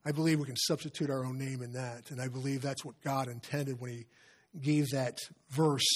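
A husky-voiced man preaching an earnest sermon at a middle pitch. He often clears his throat, then slows down and goes soft to drive a point home. His voice has a slightly rough, breathy edge throughout. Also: steady tone. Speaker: visiting preacher.

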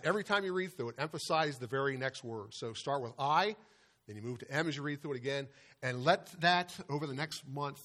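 A man delivers a Sunday sermon into a microphone in a church. His voice sits in an ordinary middle pitch, and he leans hard on one word at a time before sinking low again. He often breaks off and restarts his sentences. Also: a bit bright. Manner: preaching with emphatic stresses and pauses, many restarts. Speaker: pastor. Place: church sanctuary. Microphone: microphone over a speaker system.

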